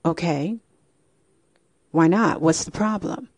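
A woman's voice: lowish voice, slow, darkish tone, no echo. A woman voicing a pleading, bewildered mother. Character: distressed mother pleading with her grown daughter.

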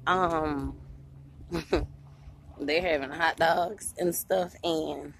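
A woman, chatting excitedly to her viewers while driving, a little out of breath and laughing often. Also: low voice, drawn-out words, slight background noise. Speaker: vlogger and mom. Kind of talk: casual vlog talk to viewers. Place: inside a car while driving. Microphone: handheld phone camera.

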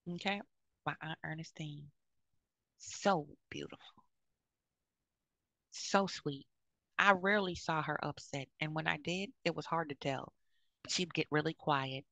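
A woman's voice: sits low, steady tone, a little slow, vocal fry, pauses often, a bit bright, dry recording. A woman in her fifties giving blunt, outspoken advice to other women, often checking in with "okay?". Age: 50s. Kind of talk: frank advice monologue.

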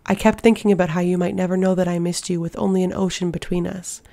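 A woman voicing a fierce, protective warrior man who speaks with intense pleading. Her voice has a gravelly edge. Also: lowish voice, flat delivery, fast, warm tone. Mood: tender intense.

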